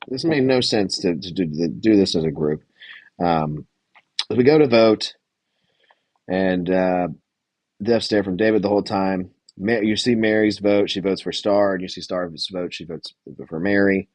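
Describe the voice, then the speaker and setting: A young man with a fairly low voice hosts a loose, casual recap, rambling through his thoughts with plenty of fillers and swearing. He reads comments from a live chat as he goes. The sound is dry, with little room around it. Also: measured pace, a little mellow, no room sound. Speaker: podcast host reviewing a reality show.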